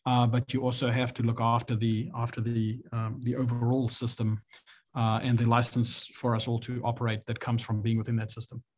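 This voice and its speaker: A man with a South African accent talks things over as a podcast guest. His delivery is reflective and measured, with pauses while he picks his words. A faint hiss sits under the voice. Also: medium pitch, monotone, darkish tone. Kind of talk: reflective interview talk.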